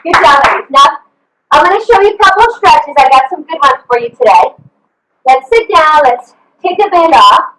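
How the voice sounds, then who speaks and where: A woman's voice: sits high, lively intonation, moderate pace, a bit bright, slight background noise. Upbeat woman coach whooping on a call. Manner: upbeat, encouraging, cheers with whoops. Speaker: fitness coach. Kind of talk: live online workout instruction. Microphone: video call. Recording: echoey video call from a distant mic.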